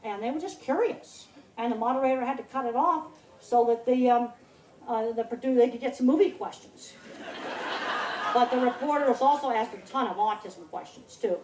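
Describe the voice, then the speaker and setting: Repeating words for emphasis, a woman in her sixties delivers a blunt public talk outdoors at a country fair. She speaks at normal speed in a voice that is on the high side and a little mellow. Faint noise and a roomy, distant-mic sound mark the recording.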